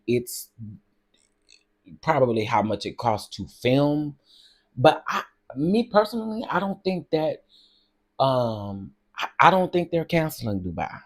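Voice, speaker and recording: With a medium-pitched, darkish voice, a man hosts a livestream in studio-quality, dry audio. He gossips and chats casually while reading comments out, often using "y'all" and "girl."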